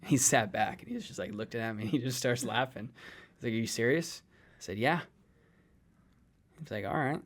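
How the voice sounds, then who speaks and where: A man's voice: mid-range voice, normal speed, pauses often, fairly bright tone. A young man from California, a real estate advisor, telling a story animatedly in a casual interview and acting out the quoted lines.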